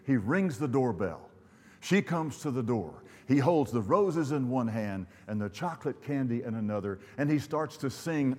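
A man's voice: mid-range voice, big pitch swings, measured pace, a little mellow. An older man from Louisiana preaching a sermon in a church, telling folksy humorous stories. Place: church sanctuary. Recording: long hall reverb.

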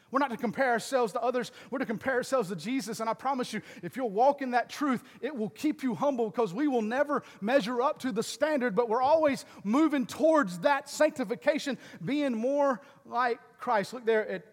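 A middle-aged male pastor preaching a sermon, moving between loud, emphatic exhortation and quieter, earnest asides. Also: high-pitched. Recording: long hall reverb.

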